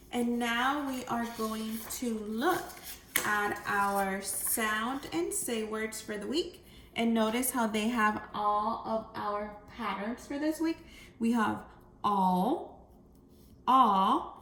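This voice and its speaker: Slow, gravelly-voiced woman teacher. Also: fairly high pitch, a bit bright. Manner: clear, step-by-step explanation to children. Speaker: second grade teacher. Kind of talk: recorded online phonics lesson. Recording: echoey room, faint background noise.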